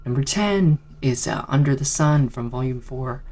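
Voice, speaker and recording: A man casually ranking favourite songs in a rambling vlog, keeping his voice down, swearing and filling pauses with ums. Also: mid-range voice, lively intonation, darkish tone. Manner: keeps voice down on purpose. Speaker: music video creator.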